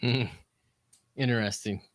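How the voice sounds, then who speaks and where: A man's voice: medium pitch, fairly even intonation, measured pace, dry recording. Brief: male co-host with a mid-range voice and a dry, close sound, tentative questioner. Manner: curious, hesitant questions with fillers. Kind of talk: casual interview questions.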